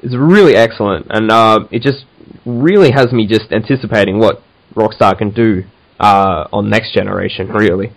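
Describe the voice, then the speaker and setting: A man's voice: on the low side, moderate pace, gravelly, rough recording. Enthusiastic man hosting a game chat. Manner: enthusiastic, many fillers and restarts. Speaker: podcast host. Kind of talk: casual chat.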